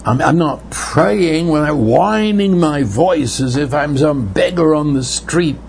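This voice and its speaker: A man preaching a sermon in an earnest way, repeating words and slowing down for emphasis. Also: on the high side, lively intonation, gravelly, a little mellow, a little hiss or hum.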